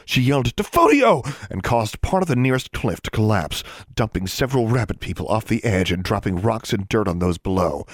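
Low-voiced man narrating a fantasy story. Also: no room sound, studio quality. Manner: steady, even storytelling with brief voiced dialogue. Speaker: audiobook narrator. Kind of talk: scripted narration.

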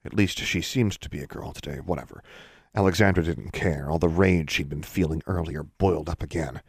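Deep-voiced man narrating a story. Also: creaky, slightly rough, no echo, studio quality. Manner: measured, expressive storytelling. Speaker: audiobook narrator.

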